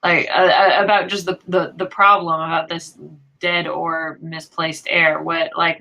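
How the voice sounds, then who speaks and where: A woman's voice: low-pitched, little pitch movement, measured pace, few pauses, bright, forceful tone, muffled recording. A woman playing a tabletop game, casual and hesitant with many fillers. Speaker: player.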